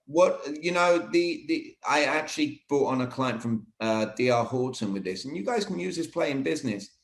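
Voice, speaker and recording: A man coaching on sales technique in an energetic, emphatic way, often saying "all right". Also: mid-range voice, normal speed, gravelly. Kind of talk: teaching sales techniques in conversation. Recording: roomy echo.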